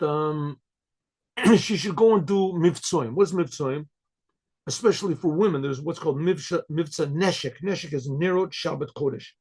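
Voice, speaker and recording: A rabbi relates a story in a loose, conversational style. He clears his throat often and restarts his sentences. The voice is gravelly and husky, and a little high for a man. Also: darkish tone.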